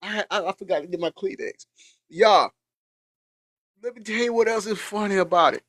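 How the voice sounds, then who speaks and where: A man's voice: sits high, normal speed, no echo, clean studio sound. A man hosting a casual reaction show, laughing hard, teary and sniffling as he talks to his viewers. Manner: laughing hard, animated, chatty. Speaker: host.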